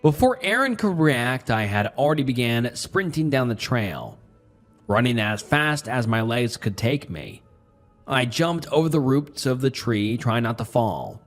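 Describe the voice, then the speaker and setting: A man narrating a first-person horror story in a tense, dramatic way, dropping low and quiet for asides. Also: very animated, a little slow. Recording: faint music bed behind the voice. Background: faint background music.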